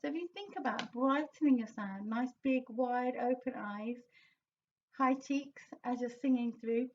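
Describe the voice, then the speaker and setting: A woman's voice: a little high, a little slow, darkish tone, distant mic, lo-fi sound, slight background noise. A woman vocal coach giving an encouraging singing lesson, explaining technique and sometimes singing short demonstration lines.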